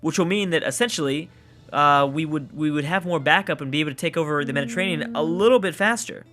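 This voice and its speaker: A man's voice: on the high side, fast talker, music in the background. A Canadian man with a Canadian accent, casually commenting on his own strategy game play, thinking aloud and swearing at setbacks. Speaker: let's play gamer.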